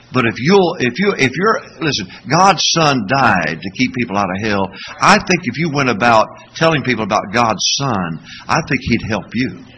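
Animated, bright-voiced preacher man. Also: medium pitch, poor audio. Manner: animated storytelling preacher, rhetorical questions to the congregation. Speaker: pastor. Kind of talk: sermon.

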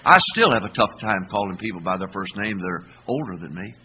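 An older man preaching a sermon as pastor, asking the congregation to call back answers and breaking into shouts. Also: lowish voice, a little fast, highs cut off. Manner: animated preaching with call-and-response questions; sudden shouting bursts.

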